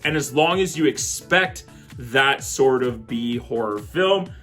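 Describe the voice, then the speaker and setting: A man giving a casual, excitable film review, chatty and quick to laugh. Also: medium pitch, faint music behind.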